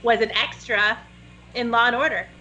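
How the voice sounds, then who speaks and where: A woman's voice: a little high, fairly even intonation, normal speed, sharp tone, lo-fi sound. A woman co-hosting a podcast, chatting casually with a teasing, wry manner. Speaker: podcast co-host. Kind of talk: casual chat.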